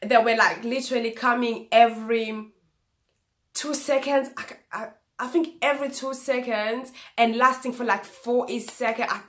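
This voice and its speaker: A woman vlogger recounting a personal story in a chatty, animated way, acting out what people said. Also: fairly high pitch, normal speed. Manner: animated retelling, acts out quoted dialogue; chatty, loose sentences with fillers.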